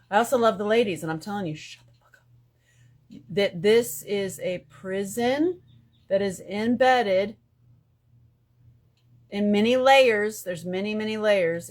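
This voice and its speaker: A woman hosts a casual spiritual live stream from her phone. She talks in lively swings, going from loud outbursts to hushed asides, and she curses freely as she goes. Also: mid-range voice. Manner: animated, swings between loud bursts and hushed asides, profane.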